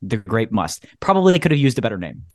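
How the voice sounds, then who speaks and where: A man's voice: medium pitch, very animated, quick pace, a little mellow, no echo, clean studio sound. A man co-hosting a casual podcast, joking and making puns while describing a beer. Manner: playful, punny, laughs often. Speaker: podcast co-host. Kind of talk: casual chat.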